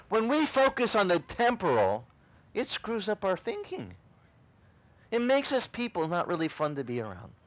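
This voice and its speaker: A man preaching an outdoor sermon, telling jokes and stories and acting out other people's words in high, excited voices. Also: low-quality recording. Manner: animated storytelling, acts out quotes in high excited voices. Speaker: pastor. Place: outdoor beach service.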